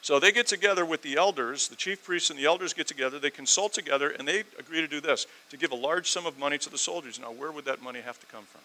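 Male preacher, bright tone, animated sermon delivery with sarcastic rhetorical questions. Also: fast, few pauses, rough recording. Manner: animated, swings from loud emphasis to low asides.

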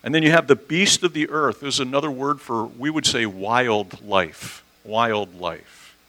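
Bright-voiced male pastor preaching. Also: mid-range voice, a little slow, rough recording. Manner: conversational, asks the audience questions. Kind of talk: expository sermon. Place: church sanctuary.

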